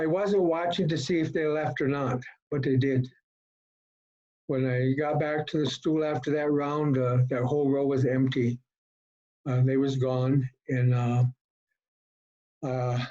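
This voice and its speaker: A middle-aged man from Colorado telling his personal recovery story at a meeting, folksy and halting, with many fillers. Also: fairly high pitch, dark tone. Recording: dull lo-fi talk recording.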